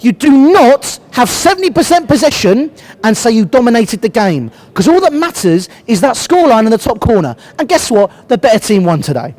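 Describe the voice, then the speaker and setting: Ranting to camera as a football fan reviewer, this young British man is blunt, passionate, and full of swearing, his voice cracking because he has a cold. It sits very high with a sing-song lilt, runs a little fast, and sounds slightly mellow.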